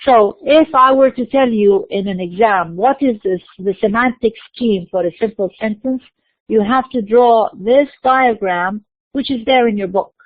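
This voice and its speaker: A woman giving a recorded university lecture, explaining slowly and mixing in terms. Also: on the high side, no room sound. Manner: explains slowly, spelling out letters, slipping into Arabic terms. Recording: dry tinny phone-like recording.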